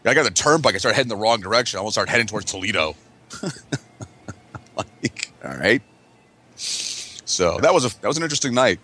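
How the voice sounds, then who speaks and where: A man with a bright, forceful voice tells rowdy party stories to his friends. He swears constantly and laughs through his own tales. His energy keeps climbing as each story gets wilder. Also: fairly low pitch, fairly quick, pauses often, slightly rough. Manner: profane, laughing, excitable storytelling. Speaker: podcast regular. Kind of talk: casual storytelling among friends.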